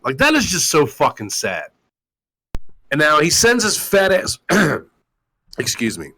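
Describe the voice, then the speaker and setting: A man hosting a call-in live stream, ranting in a crude, mocking way with constant swearing. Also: low-quality recording. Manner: loud, mocking and crude, swinging widely in pitch. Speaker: talk show host. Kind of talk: profane live-stream rant.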